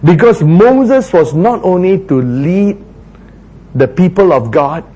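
Earnest preacher man, fairly high voice. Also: lively intonation, slow pace, warm tone, slightly rough, poor audio. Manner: earnest, repetitive, retelling scripture. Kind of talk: sermon.

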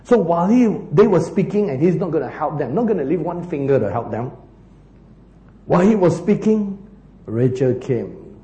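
A man preaching a sermon as pastor, telling a Bible story in an animated way with laughs and playful asides. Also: on the high side, normal speed, reverberant, dull audio.

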